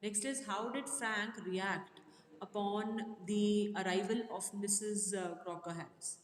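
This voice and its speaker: A woman's voice: medium pitch, steady tone, unhurried. A woman teaching a class, asking questions and repeating them to her students. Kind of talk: classroom lesson on a play excerpt. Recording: echoey room with long reverb and faint noise.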